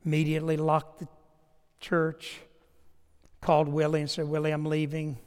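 A pastor preaching a sermon in a church, earnest and emphatic, telling a personal story in short repeated phrases. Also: male voice, a little high, monotone, moderate pace, clean tone. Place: church sanctuary. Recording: long church reverb.

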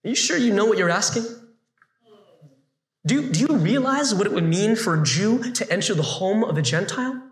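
A man's voice: high-pitched, animated, moderate pace, roomy sound, distant mic. A man voicing Jesus as a teacher who questions an unusual request, incredulous and probing.

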